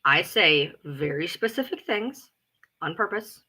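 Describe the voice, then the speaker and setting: A woman talking in a casual rant to her followers, blunt and profane, repeating herself for emphasis and calling herself loud. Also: fairly low pitch, expressive, a little slow, slightly rough. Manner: loud, self-described alpha female. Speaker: live streamer. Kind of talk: casual ranting chat.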